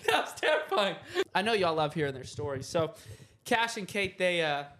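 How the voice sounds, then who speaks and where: A man's voice: on the high side, expressive, normal speed, fairly bright tone, slight background noise. A man hosting a podcast in casual chat, telling stories in a jokey, teasing way with plenty of slang. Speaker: podcast host.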